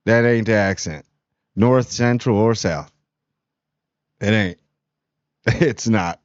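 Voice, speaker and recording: A man from New Jersey hosting a casual spoiler review of a TV show, talking bluntly with frequent restarts and animated jumps. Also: fairly low pitch, slow, no room sound, muffled recording. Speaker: TV review host.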